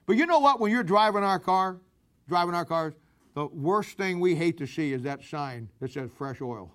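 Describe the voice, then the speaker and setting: A high-voiced man delivers a folksy, joking sermon. He tells stories with animated swings between loud bursts and quiet asides, and laughs at his own punchlines. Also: normal speed. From Missouri, USA. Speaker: pastor.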